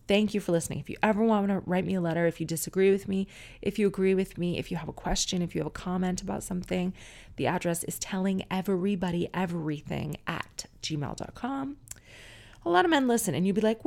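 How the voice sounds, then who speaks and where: A woman's voice: lowish voice, animated, fast, creaky, a little mellow. A middle-aged woman hosting a podcast, telling stories in a frank, chatty way and swearing casually. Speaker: podcast host. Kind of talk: casual solo podcast monologue.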